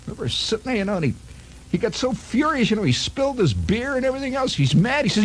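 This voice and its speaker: Lively, animated male radio storyteller. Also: extremely high pitch, quick pace, husky. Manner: animated, conversational, chuckling asides. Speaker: radio host. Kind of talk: spontaneous storytelling monologue. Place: radio studio.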